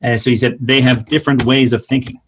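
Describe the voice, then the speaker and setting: A man teaching English online, giving patient, encouraging feedback to students and repeating corrections slowly. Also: mid-range voice, little pitch movement, background noise. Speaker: English speaking teacher, former exam examiner. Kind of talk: live-streamed speaking feedback. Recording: dull lo-fi stream audio.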